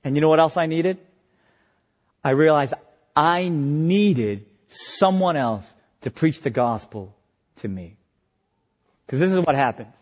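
A man preaching a sermon as pastor, impassioned, moving between quiet reflection and loud exhortation. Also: a little high, lively intonation, takes it slowly, long pauses. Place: retreat meeting hall. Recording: long hall reverb.

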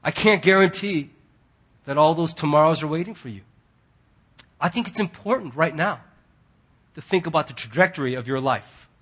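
A male pastor preaching a sermon earnestly, swinging from loud emphatic lines to hushed, quiet ones. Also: a little high, animated, normal speed, long pauses, breathy edge.

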